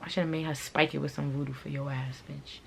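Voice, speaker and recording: Low-voiced woman on a blunt, profane rant. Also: flat delivery, quick pace, vocal fry, slight background noise. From from a Haitian family. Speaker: vlogger and clothing brand owner. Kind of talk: storytime rant to camera.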